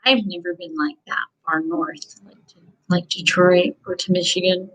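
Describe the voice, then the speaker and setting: A woman's voice: fairly low pitch, level tone, normal speed, a bit bright, rough recording. A woman from the Midwest chatting casually as a beauty vlogger while she gets ready, rambling and saying "like" often. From American Midwest. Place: home, Kansas City.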